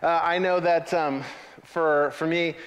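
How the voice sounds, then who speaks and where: A man preaching a sermon as a pastor, in a conversational, animated way with frequent repetitions. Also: a little high, takes it slowly, clear, resonant tone, big-room sound, muffled recording.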